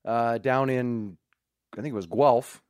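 A man's voice: mid-range voice, steady tone, unhurried, darkish tone, smooth, no echo. A man from Canada, a former hockey player, telling stories in casual chat, laughing often and swearing freely.

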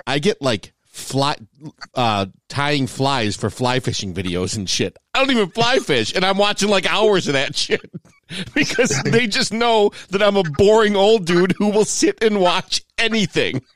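Middle-aged male co-host, rambling jokey delivery, a bit high-pitched, dead dry room. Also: lively intonation, measured pace, a bit bright, dry recording. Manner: joking, rambling, laughs often. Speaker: podcast co-host. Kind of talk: casual chat.

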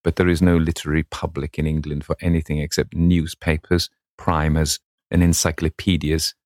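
A man reading the lines of a witty, languid young aristocratic gentleman in an audiobook of a classic novel. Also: very deep voice, little pitch movement, moderate pace, dry recording, studio quality.

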